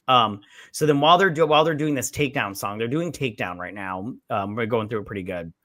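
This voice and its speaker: Bright dry-voiced man recapping a film. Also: mid-range voice, quick pace, hardly any pauses, no room sound. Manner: rambling, acts out characters' lines with swearing. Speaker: podcast co-host. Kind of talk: casual recap chat.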